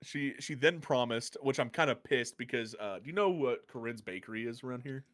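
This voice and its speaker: Fast-talking, profane American man. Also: medium pitch, no echo. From United States. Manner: rambling, profane, excitable storyteller. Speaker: podcast co-host. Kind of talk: casual storytelling chat.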